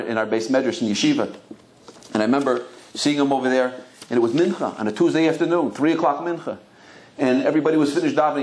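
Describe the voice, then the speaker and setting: A man's voice: mid-range voice, a little mellow. A male rabbi giving a Torah lecture, telling anecdotes and often restarting his words. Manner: storytelling with many anecdotes; frequent repeated restarts.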